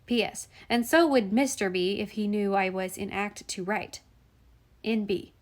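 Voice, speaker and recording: A woman's voice: medium pitch, measured pace, natural voice. A woman voicing a cheeky schoolboy reading out his own long letter with many postscripts. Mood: playful. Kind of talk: audiobook reading.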